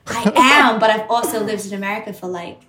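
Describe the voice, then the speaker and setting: A woman's voice: mid-range voice, fast, echoey room, a little hiss or hum. A woman with an Australian accent, a guest chatting casually and acting out quotes. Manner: animated, acts out quotes, frequent "like". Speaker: podcast guest. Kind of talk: casual chat.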